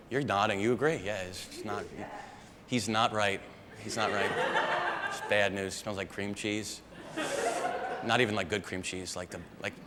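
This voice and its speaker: A young man doing a live stand-up set, rambling and conversational and swearing often. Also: fairly low pitch. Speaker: stand-up comedian. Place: live comedy venue with audience. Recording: live room reverb, faint background noise.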